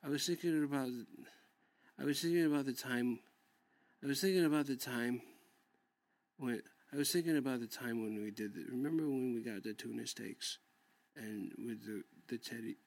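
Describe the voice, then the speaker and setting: A man's voice: mid-range voice, normal speed. A man hosting a comedy cooking show, rambling and stammering through his lines with heavy swearing and a drunken, quarrelsome edge. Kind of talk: comedy sketch monologue.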